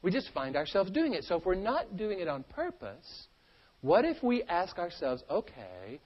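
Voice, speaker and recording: A man giving an energetic, playful seminar talk to a live audience and drawing answers from the crowd. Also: high voice, breathy edge, lo-fi sound. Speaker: stress management speaker.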